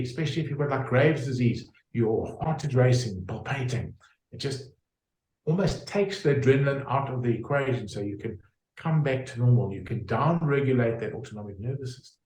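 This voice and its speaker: A man's voice: mid-range voice, darkish tone. Man explaining in an echoey room. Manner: explains with homely examples, many fillers and restarts. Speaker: homeopath guest. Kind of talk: conversational interview explanation.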